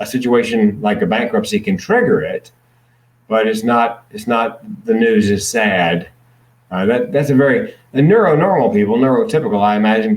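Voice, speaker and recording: Earnest man explaining, echoey room. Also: mid-range voice. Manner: earnest, explanatory, with dry jokes. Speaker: guest speaker. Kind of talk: podcast conversation.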